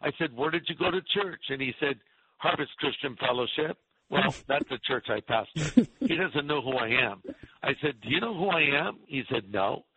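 A middle-aged male pastor telling a lively anecdote in a radio interview, acting out the voices in his story. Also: on the high side, normal speed, breathy edge, no room sound. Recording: tinny phone-line radio sound.

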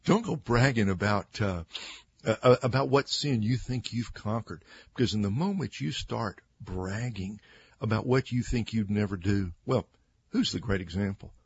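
A man's voice: fairly low pitch, normal speed, slightly rough, highs cut off. A man giving conversational Bible teaching as a radio guest, earnest and acting out quoted speakers with emphasis. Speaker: Christian author and radio guest.

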